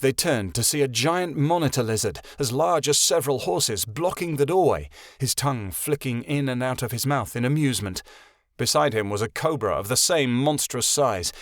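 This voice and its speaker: A man's voice: mid-range voice, no room sound. Man narrating an audiobook, dry sound. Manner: steady storytelling. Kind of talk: scripted narration.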